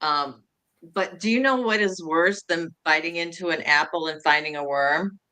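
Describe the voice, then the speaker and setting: A woman's voice: lowish voice, moderate pace, pushed and bright, clear, resonant tone. A middle-aged woman co-hosting a humor show, telling jokes in a rambling, self-amused way with many restarts. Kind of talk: casual joke-telling chat.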